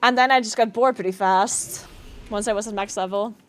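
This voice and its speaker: A woman's voice: medium pitch, a little fast. A woman in her thirties streaming a game, chatting casually, laughing often and swearing freely. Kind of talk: casual live-stream chat.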